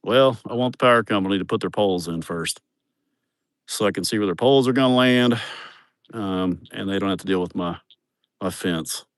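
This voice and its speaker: Man, slightly low voice, crude joking rambling, farm tour livestream, outdoors, phone camera, dry sound. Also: normal speed, no echo. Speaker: vlogger showing his farm. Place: outdoors on rural farmland.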